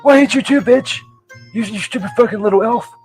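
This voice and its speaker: Man doing a shrill, clueless Saint Peter. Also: fast talker, faint music behind. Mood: furious. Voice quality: high-pitched, yelling. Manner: bewildered, then explodes into profane rage. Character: dim, foul-mouthed Saint Peter, adult man. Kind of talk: comedy sketch.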